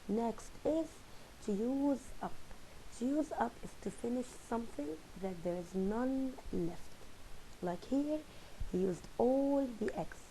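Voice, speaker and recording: A woman teacher explaining phrasal verbs slowly, reading out example sentences one by one. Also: fairly high pitch, expressive, dark tone, slight background noise, rough recording. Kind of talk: recorded English lesson.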